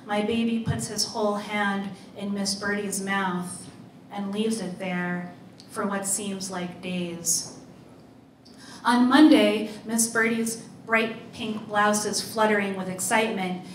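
A woman author reading her own story aloud in a measured, deliberate way. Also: mid-range voice, steady tone, a little hiss or hum. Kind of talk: literary reading. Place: live reading event. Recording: roomy, distant mic, faint ambience.

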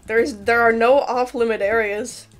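A woman casually commentating a game she is playing, excitable and jokey, laughing often and yelping when things go wrong. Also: fairly high pitch, measured pace, faint music behind. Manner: excitable, laughing, swearing, yelps in panic. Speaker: gameplay commentator. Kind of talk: casual let's-play commentary.

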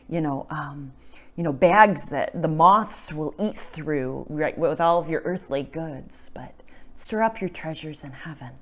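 A woman hosting a religious talk show from her home, teaching in a gentle, casual way with many ums, her voice slightly cracking from disuse. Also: low-pitched, animated, a little slow. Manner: soft-spoken, gentle, with frequent ums and self-corrections. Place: at home, indoors.

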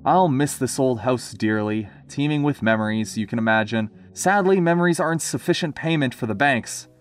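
A man's voice: medium pitch, normal speed, soft background music, close to an everyday voice. A man voicing a posh, jovial ghost of an aristocrat with a plummy, pompous manner.

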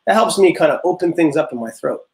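A young man teaching a music class, leading vocal warm-ups in an upbeat, encouraging way and explaining step by step. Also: on the high side, animated, quick pace. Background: guitar notes played under the talk.

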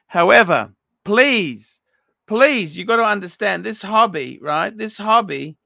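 Foul-mouthed gravelly middle-aged man. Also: high-pitched, lively intonation, unhurried, sharp tone, no room sound, clean studio sound. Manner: blunt, profane, ranting advice. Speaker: watch collection reviewer. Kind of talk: unscripted paid review monologue.

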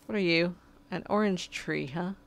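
A woman's voice: lowish voice, moderate pace, creaky. A woman giving casual, chatty commentary while she plays a video game, talking back to the creatures and getting exasperated. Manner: sarcastic asides. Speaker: gameplay commentator.

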